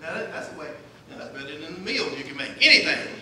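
A man's voice: on the high side, sing-song, fast talker, a crowd in the background. A man preaching a sermon, asking the congregation questions and answering them himself. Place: church sanctuary. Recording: echoey church hall, distant mic.

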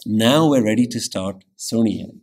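A man teaching a weekly scripture class, patiently explaining meanings and repeating words slowly to show how they are pronounced, often checking in with "yeah?". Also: fairly low pitch, darkish tone. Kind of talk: scripture lecture.

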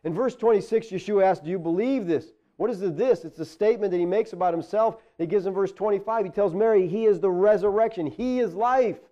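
A man's voice: high-pitched, brisk, few pauses, warm tone, lo-fi sound. A man preaching a sermon as pastor, talking conversationally and rising to emphatic exclamations.

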